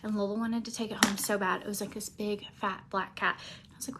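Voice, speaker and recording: A woman chatting casually through a makeup routine, rambling with many fillers and pausing to talk to her cat. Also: medium pitch, fairly even intonation, very noisy. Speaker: beauty vlogger.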